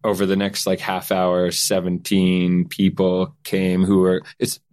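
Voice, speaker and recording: A man's voice: sits low, completely flat delivery, unhurried, a little mellow, smooth. A young man from Canada, a guest telling a story in casual chat and acting out the lines people said.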